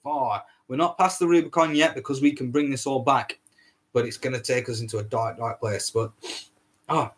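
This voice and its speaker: A man's voice: medium pitch, steady tone, moderate pace, fairly bright tone, husky. A man hosting a solo podcast, ranting in a heated, repetitive way, swearing often and stumbling over his words. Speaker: podcast host.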